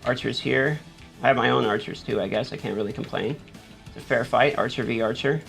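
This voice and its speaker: A gaming YouTuber provides running commentary on his game, guiding himself through each move while panicking and urging himself along. His mid-range voice is gravelly and a bit bright, moving a little fast over soft background music.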